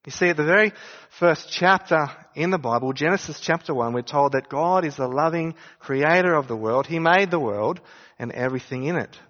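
A man preaching a conversational sermon, pitched a little above most men. His voice rings out in a long church reverb. The sound is somewhat muffled. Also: normal speed, fairly bright tone. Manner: conversational preaching with rhetorical questions. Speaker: pastor.

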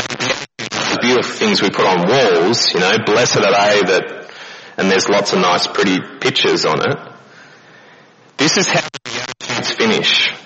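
Male preacher, lively storyteller, low voice, muffled hissy recording. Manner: animated storytelling with rhetorical questions. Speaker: pastor. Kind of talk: sermon. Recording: dull lo-fi recording with noise.

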